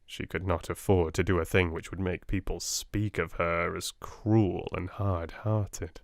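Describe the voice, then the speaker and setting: A man with a British accent narrating a classic children's novel in an expressive storytelling manner. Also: low-pitched, moderate pace, vocal fry, hardly any pauses, no echo, studio quality. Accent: British English. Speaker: audiobook narrator. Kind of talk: unabridged audiobook narration.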